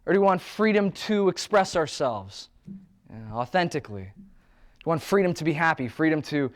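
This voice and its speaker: A man in his thirties, a wellness coach, giving an animated, joking motivational talk. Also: fairly high pitch, moderate pace. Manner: animated and joking, with playful asides.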